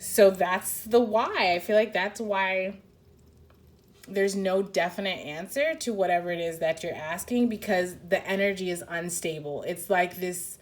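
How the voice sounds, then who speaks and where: A woman's voice: medium pitch, normal speed. A woman giving a casual intuitive card reading, rambling and tentative, saying "like" often. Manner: rambling, heavy use of "like", tentative. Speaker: tarot card reader.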